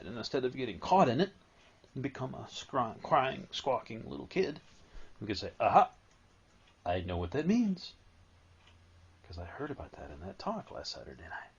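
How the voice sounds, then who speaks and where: A man giving a live spiritual talk to an audience, animated and storytelling, at times acting out a whining child. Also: medium pitch, normal speed, vocal fry, long pauses, slightly rough, dull audio.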